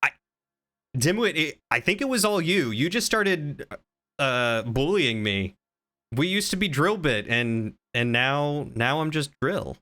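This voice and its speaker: Guy streamer rambling playfully at chat, bright crisp voice, kinda high. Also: expressive, measured pace. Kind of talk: casual live-stream chat.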